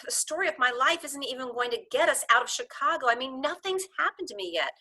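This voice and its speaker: A woman's voice: high-pitched, expressive, fast, bright, forceful tone, pitched above the performer's own voice, full character voice. A woman reading the part of a cheerful, fussy young woman who plans everything, in an earnest casual script read-through. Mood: defensive.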